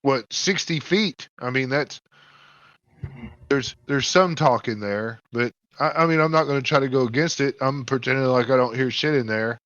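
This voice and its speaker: A man's voice: mid-range voice, moderate pace, fairly bright tone, no room sound, muffled recording. A man playing in a tabletop game, chatting casually, swearing freely and restarting his sentences. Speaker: player.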